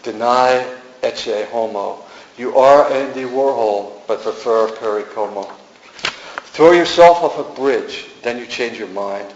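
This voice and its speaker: A man's voice: mid-range voice, a little slow, slight background noise. A man poet giving a sing-song reading of rhyming verse at a gallery. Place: art gallery. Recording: roomy, dull gallery recording.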